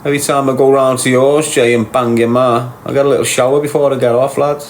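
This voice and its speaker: Slight background noise sits under this middle-aged Liverpool man as he hosts a livestream, reading chat comments and firing back teasing, crude, slangy banter. His medium-pitched voice is flat and quick.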